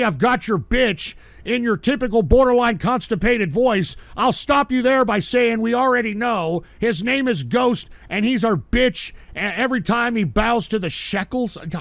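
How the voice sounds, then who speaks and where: A man's voice: very high-pitched, gravelly, a bit bright, no echo. A man hosting a livestream and reading viewer messages, ranting angrily and swearing as he answers them. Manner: angry, swearing, exasperated. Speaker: livestream host reading super chats. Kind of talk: profane ranting livestream talk.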